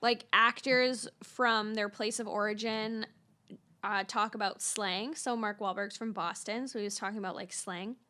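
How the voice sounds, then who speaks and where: A woman co-hosting a podcast in casual movie-review chat, chatty and quick to agree. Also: mid-range voice, fairly even intonation, sharp tone. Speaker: podcast co-host.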